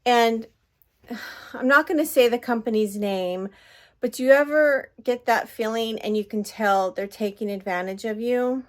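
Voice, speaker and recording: A woman's voice: a little high, measured pace. Rambling, venting woman vlogger. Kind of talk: casual vlog chat. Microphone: handheld phone at arm's length.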